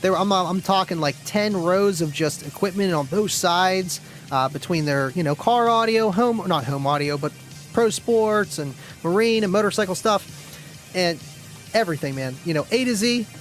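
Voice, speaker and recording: A man with a noticeably high-pitched voice hosts a casual live stream in a rambling, chatty way. He reads viewer comments aloud and keeps clearing his throat. Faint music plays under his talk. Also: expressive, normal speed, poor audio.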